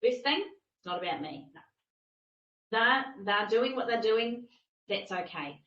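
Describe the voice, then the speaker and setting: A woman's voice: fairly high pitch, expressive, a little slow, fairly bright tone, echoey room, far from the mic, lo-fi sound. A woman coach teaching a masterclass, talking emphatically and repeating phrases for stress.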